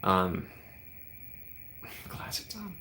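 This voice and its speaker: A man's voice: drawn-out words, bright, forceful tone, slight background noise. A man hosting a casual livestream, rambling and chatty, laughing often and thanking viewers by name. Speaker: livestream host.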